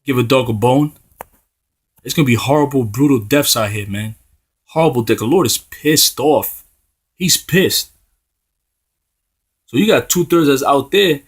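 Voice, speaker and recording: A man delivering a profane, heated street-style sermon, tagging "man" onto his phrases and reading scripture slowly in old-style wording. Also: mid-range voice, animated, breathy edge. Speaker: preacher.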